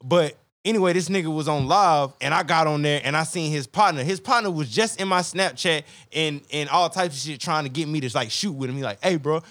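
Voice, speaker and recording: A man chats as a podcast guest, sliding into quoted asides and swearing freely as he tells his stories. His voice sits a touch high for a man. The sound is dry and close, with little room around it. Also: brisk, hardly any pauses, a bit bright, no echo. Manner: loose, profane storytelling with quoted asides. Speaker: guest musician. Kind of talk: casual podcast chat.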